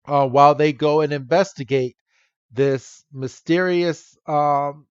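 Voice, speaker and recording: A man's voice: a little high, slow, smooth, no room sound. Man, podcast co-host, wry casual recap, muffled lo-fi sound, dead dry room. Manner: animated and wry, laughing at his own rants. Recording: dull dry podcast mic.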